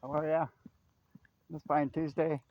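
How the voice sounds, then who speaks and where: A man's voice: on the high side, flat delivery, measured pace, muffled recording. A man vlogging casually while walking his dog along a river trail, chatting and calling to the dog. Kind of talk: casual outdoor walk-and-talk. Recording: faint outdoor noise.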